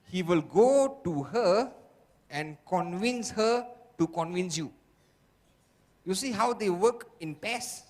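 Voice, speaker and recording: Slow, emphatic male seminar speaker in a hall. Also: high voice, lively intonation, a little mellow. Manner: checks in with the audience constantly; acts out the voices he quotes. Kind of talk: motivational seminar talk. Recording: long hall reverb.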